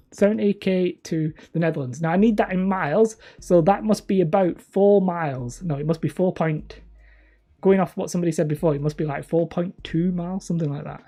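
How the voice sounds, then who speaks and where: A man chats loosely with his live-stream audience. His voice is husky and mellow, and he rambles and pokes fun at himself. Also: fairly high pitch. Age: 30s. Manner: rambling, self-mocking, chuckling. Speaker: hobby terrain channel host. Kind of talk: casual live-stream chat with viewers.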